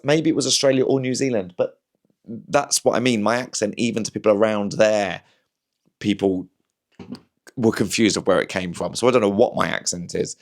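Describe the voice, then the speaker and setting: A man's voice: medium pitch, darkish tone. A young man with a Berkshire accent from southern England, chatting casually in a rambling, self-deprecating way as a comedian hosting his show. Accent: southern English, Berkshire. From Slough, England. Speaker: comedian host. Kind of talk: casual storytelling chat.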